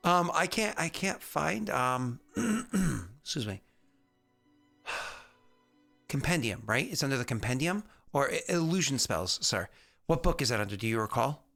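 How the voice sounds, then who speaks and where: A man's voice: mid-range voice, sing-song, measured pace, vocal fry, pauses often, pushed and bright, faint music behind. A man running a tabletop game as game master, chatty and rambling, with many fillers.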